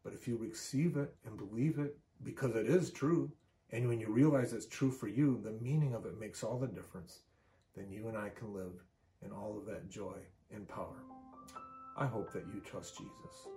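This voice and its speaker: A man's voice: on the low side, moderate pace, reverberant, over loud music. A man preaching a sermon and closing in prayer, earnest, repeating phrases for emphasis. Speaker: pastor.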